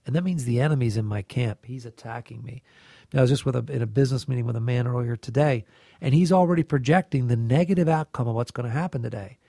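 A man's voice: medium pitch, quick pace, gravelly, warm tone, no room sound, studio quality. A man earnestly sharing a faith reflection, telling a story with emphasis. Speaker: reflection participant.

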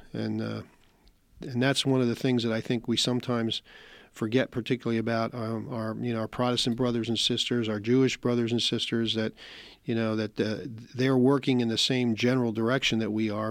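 Flat-voiced man reflecting thoughtfully. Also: mid-range voice, no echo. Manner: thoughtful, hesitant, searching for words. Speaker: host of a scripture reflection. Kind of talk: casual reflective talk.

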